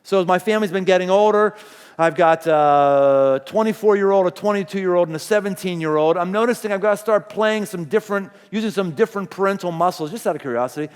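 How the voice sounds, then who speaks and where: A man's voice: high-pitched, fast talker, clean tone. A middle-aged male pastor preaching a sermon in a chatty, storytelling way. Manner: conversational storytelling, acts out quoted voices. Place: large church auditorium. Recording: long reverb of a large hall.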